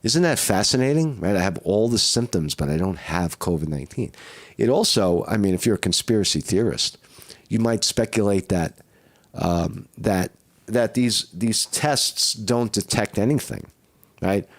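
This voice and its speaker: A man who is sick with the flu, with a rough throat, rambling and swearing in a casual live-stream monologue and often asking "right?". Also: on the low side, animated, moderate pace. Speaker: vlogger.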